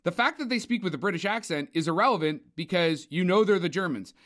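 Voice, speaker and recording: A young man with a somewhat high voice co-hosts a film podcast. He talks in an opinionated, profane, rambling way, with plenty of asides and strong verdicts. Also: lively intonation, fast, a bit bright. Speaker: podcast co-host, film reviewer. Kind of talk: casual movie review chat.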